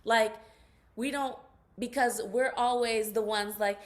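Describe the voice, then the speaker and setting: A woman's voice: mid-range voice, normal speed. A young adult woman, an actress, speaking passionately and emphatically as a guest in an interview. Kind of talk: interview conversation.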